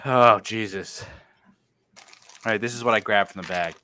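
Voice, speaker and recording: A man co-hosting a podcast in casual chat, loud and excitable, laughing and swearing often. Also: on the low side, rapid-fire. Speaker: podcast co-host.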